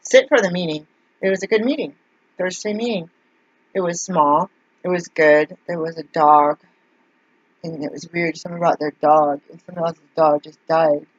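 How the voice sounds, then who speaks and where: A woman's voice: low-pitched, normal speed, dry recording. Woman vlogging, rambling casual story, lots of fillers, dry close sound, muffled lo-fi audio. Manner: meandering storytelling with many fillers. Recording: dull lo-fi dry recording.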